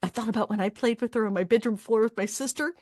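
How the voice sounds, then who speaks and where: A middle-aged woman, a voice actress and interview guest, telling a story in a lively way and acting out the voices of the people in it. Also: on the high side, fast, dry recording, clean studio sound. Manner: lively, acts out the voices of people in her story, laughs often.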